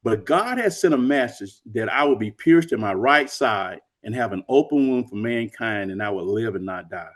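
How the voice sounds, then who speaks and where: A man's voice: medium pitch, animated, normal speed, few pauses. Earnest man retelling a personal story. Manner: earnest, acts out quoted dialogue. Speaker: author and interview guest.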